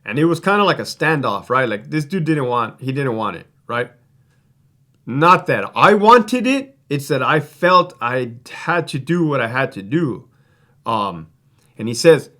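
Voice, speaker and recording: A man's voice: mid-range voice, big pitch swings, normal speed, bright, forceful tone. A man who once worked as a prison guard, telling a story in a blunt, casual way, full of swearing and fillers like "like" and "right?". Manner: blunt, profane, conversational with many fillers.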